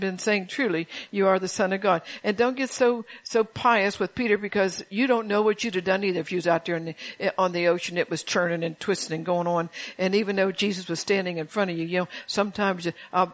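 A woman's voice: medium pitch, poor audio. Folksy woman preacher, laughing asides. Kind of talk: sermon.

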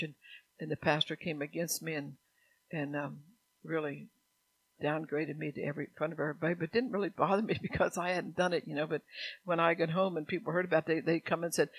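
A man with a notably high voice delivers a sermon in an easy, conversational way. He repeats key lines and keeps checking in with the congregation. At times he swells into loud, emphatic exhortation. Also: vocal fry, breathy edge. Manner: conversational preaching, repeats lines, frequent "all right?"; grows louder and more emphatic when exhorting. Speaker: pastor.

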